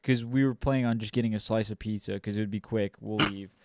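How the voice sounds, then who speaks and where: A young man co-hosting a podcast, telling a story in a casual, profane, animated way. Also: on the low side, quick pace, heavy background noise. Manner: animated, profane storyteller who acts out quotes loudly. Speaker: podcast co-host.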